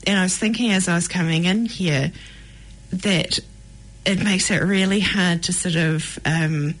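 A New woman co-hosts a podcast in a studio with a low voice. She thinks aloud reflectively and pauses often on fillers. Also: poor audio. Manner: reflective and hesitant, with many fillers. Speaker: podcast co-host. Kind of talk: casual podcast chat.

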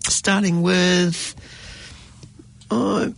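Husky, slightly high middle-aged New man; chatty radio host, animated. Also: very slow. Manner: chatty, animated, exclaims often. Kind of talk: casual radio chat. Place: radio studio.

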